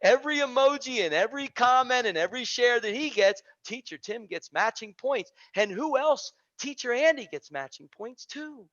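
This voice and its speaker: Guy with a high voice hyping up his teacher group on a call, super energetic and preachy, audio kinda dull. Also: normal speed, hardly any pauses. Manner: energetic, preachy, repeats phrases for emphasis. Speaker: online teaching community host. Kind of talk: animated motivational talk on a video call. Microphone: video call.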